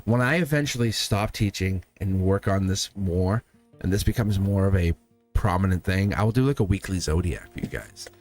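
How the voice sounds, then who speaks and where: A man's voice: low voice, moderate pace, darkish tone, soft background music. A man hosting a live tarot stream in casual, rambling chat, chuckling between sentences. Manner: slips into playful put-on voices when quoting people.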